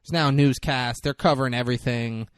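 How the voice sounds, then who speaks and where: A man's voice: mid-range voice, steady tone, brisk, smooth, no echo, clean studio sound. A man co-hosting a podcast, recapping a film in casual chat and swearing often. He acts out the characters as he tells it. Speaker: podcast co-host.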